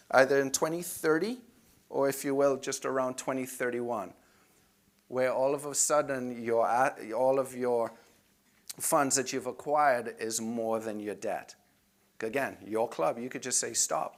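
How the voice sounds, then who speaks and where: A man presenting club finances to members in a conversational way, often saying "if you will". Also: medium pitch.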